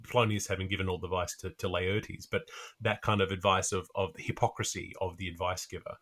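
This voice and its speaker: A man co-hosting a podcast, talking through a book in a thoughtful, halting way with plenty of pauses. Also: sits low, flat delivery, a bit bright. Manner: thoughtful, halting, many fillers. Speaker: podcast co-host. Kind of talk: casual literary discussion.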